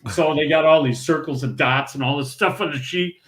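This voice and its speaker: A man in his sixties from Minnesota, a guest telling rambling, lively stories full of restarts and chuckles in a relaxed podcast chat. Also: on the high side, fairly quick. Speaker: interview guest, retired pro bowler. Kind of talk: casual storytelling in a podcast interview.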